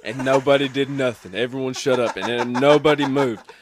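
A podcast co-host telling a funny story, acting out the people in it. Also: male voice, a little fast, a crowd in the background. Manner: animated, acts out quotes in a lively pitch. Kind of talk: casual storytelling.

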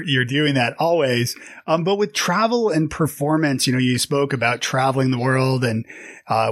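Male host, mid-pitched voice, meandering questions, dry recording. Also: a bit bright, no echo. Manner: rambling questions full of fillers. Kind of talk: conversational interview.

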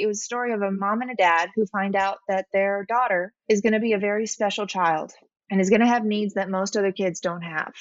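A woman guest on a podcast speaks earnestly and reflectively at a mid pitch, in heartfelt interview talk. The audio is slightly muffled and lo-fi, close and dry, with no room echo.

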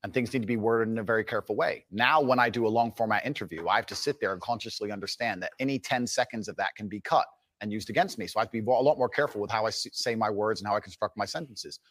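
A man's voice: on the low side, quick pace, a bit bright, no echo. A man answering interview questions in an emphatic, assertive way. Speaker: interview guest.

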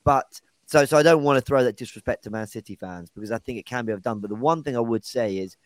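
A man's voice: mid-range voice, fast talker, no room sound. A man hosting a casual football podcast, chatting and handing questions to his co-hosts. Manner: chatty, hands the floor to others. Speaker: podcast host.

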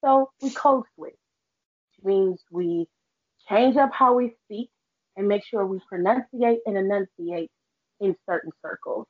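A woman's voice: medium pitch, unhurried, husky. American woman cohost laying it out, emphatic, swearing, muffled lo-fi audio. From United States. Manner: emphatic, explanatory, profane. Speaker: podcast co-host. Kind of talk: casual chat.

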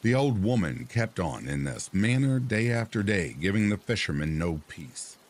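A man narrating a folk tale in a measured, expressive reading. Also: sits low. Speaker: storyteller. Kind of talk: scripted storybook narration.

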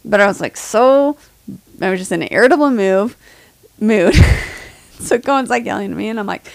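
A woman in her thirties from the United States co-hosting a podcast, chatting casually with a soft voice that doesn't carry and laughing often. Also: a little high, expressive, normal speed, gravelly, a little hiss or hum. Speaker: podcast co-host. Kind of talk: casual chat.

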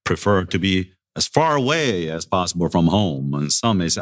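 Man, middle-aged, very deep voice, university president, podcast interview, good-humored, self-deprecating, chuckling. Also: sing-song, normal speed. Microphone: podcast microphone.

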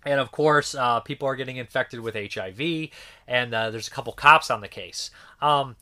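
A man in his thirties talks through a film review with a bright, forceful voice. He rambles loosely and swears often, leaning on lots of filler words. It sounds like an offhand, unscripted monologue. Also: mid-range voice, normal speed. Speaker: movie reviewer.

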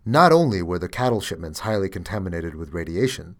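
A man's voice: low voice, very animated, fairly quick. A man hosting a podcast, reading a debugging story aloud and then musing with fillers and restarts. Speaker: podcast host.

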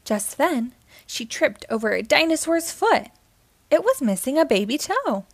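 Lively woman reading a kids' story. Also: sits high, measured pace, no echo. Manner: expressive storytelling. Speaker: storytime reader. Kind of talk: children's read-aloud narration.

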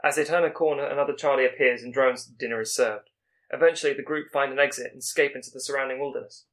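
A man reading out a scripted plot pitch as a podcast co-host, with small slips as he goes. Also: steady tone, a bit bright. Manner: brisk storytelling read with small slips.

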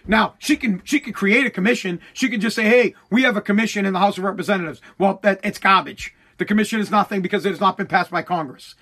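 A man's voice: high voice, sharp tone. A man delivering a profane, angry political rant, mocking others in put-on voices.

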